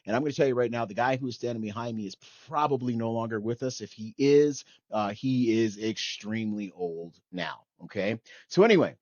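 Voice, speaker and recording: A middle-aged man tells a story in a casual podcast chat. He talks in animated bursts and keeps checking in with "okay?" along the way. The recording is dry and a little dull. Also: lowish voice, no room sound. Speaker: podcast host.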